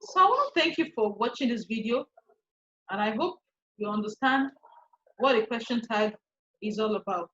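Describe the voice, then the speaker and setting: A Nigerian woman teaching an online English lesson, repeating each point slowly with frequent restarts. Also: on the high side, lively intonation, pushed and bright. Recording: echoey, muffled lo-fi room recording.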